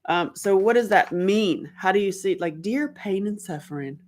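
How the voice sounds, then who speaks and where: A woman's voice: medium pitch, expressive, moderate pace. A woman giving a casual, unscripted self-help talk as a workbook author, candid and emotional, rambling with many fillers and restarts.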